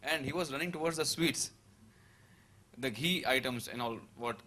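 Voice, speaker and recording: A man's voice: medium pitch, normal speed, bright, forceful tone, slight background noise. A man, giving a personal testimony at a seminar in a hesitant way, full of fillers. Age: 30s.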